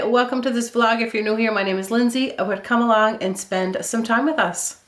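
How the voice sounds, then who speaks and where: A woman's voice: mid-range voice, a bit bright. A woman in her thirties from Eastern Canada, a stay-at-home mom chatting casually through her day while stuffed up from a cold, with lots of ums. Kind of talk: casual vlog chat.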